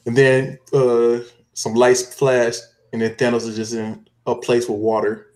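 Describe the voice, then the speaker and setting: A man's voice: mid-range voice, completely flat delivery, a little slow, a little mellow. A man co-hosting a podcast in casual chat, walking through events step by step in a loose, rambling way. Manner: rambling step-by-step recap with restarts. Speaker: podcast co-host.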